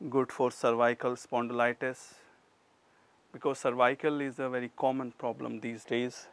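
A middle-aged man with an Indian accent, teaching a yoga class and calmly cueing each breath and movement step by step. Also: mid-range voice, normal speed, clean tone. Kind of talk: guided yoga class instruction.

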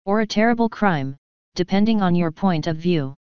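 Bedraggled female unicorn, bitter and desperate, a woman reader voicing her; smooth, low tone. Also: expressive, moderate pace, no room sound, highs cut off, close to an everyday voice. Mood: subdued. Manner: bitter, intense.

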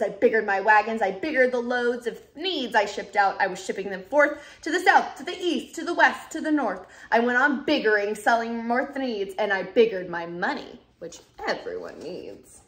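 A woman teacher reading a rhyming storybook aloud, lively and expressive. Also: mid-range voice. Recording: roomy echoey room.

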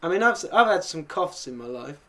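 A man's voice: fairly high pitch, big pitch swings, brisk, pushed and bright. A man with a British accent hosting a casual, rambling chat and chuckling as he talks. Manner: chatty, rambling, chuckling asides. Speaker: host.

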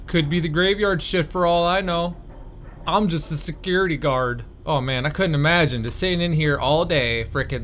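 A man's voice: on the high side, a bit bright, slight background noise. Joking man commenting on a game. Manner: joking, chatty, mock-friendly guard talk. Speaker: gaming YouTuber. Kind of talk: casual gameplay commentary.

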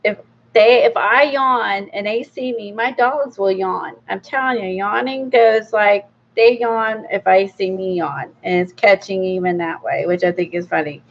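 In a casual book review vlog, a middle-aged woman who hosts an art channel rambles chattily, with many fillers and small laughs. Her medium-pitched voice is a little slow and shows vocal fry. The audio is dull, with slight background noise.

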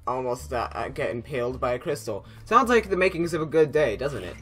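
A man's voice: mid-range voice, lively intonation, brisk, fairly bright tone, soft background music. A young man talking casually over his game, rambling to viewers and yelping when startled. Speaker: gaming YouTuber. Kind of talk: casual let's play commentary.

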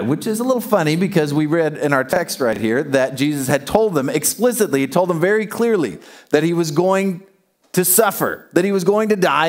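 Male pastor, a touch high-voiced, animated sermon delivery in a church auditorium, engages the congregation directly. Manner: animated storytelling, calls out to the congregation.

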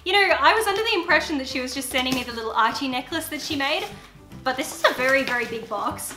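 A young adult woman chatting excitedly in a casual unboxing vlog at home, gushing over each item. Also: high voice, a little fast, soft background music. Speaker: YouTuber.

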